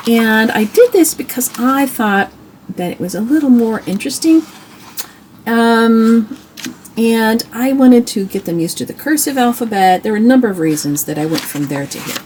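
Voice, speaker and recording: A woman's voice: medium pitch, darkish tone, a little hiss or hum. Chatty woman showing old schoolbooks. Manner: chatty, admiring, with restarts and asides. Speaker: homeschool channel host. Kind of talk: casual show-and-tell book review.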